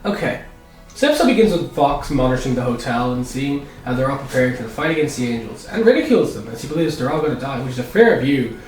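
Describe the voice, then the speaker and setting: A man giving a casual, profane video review, excitable and prone to sudden outbursts. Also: fairly high pitch. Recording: echoey room, far from mic, music behind.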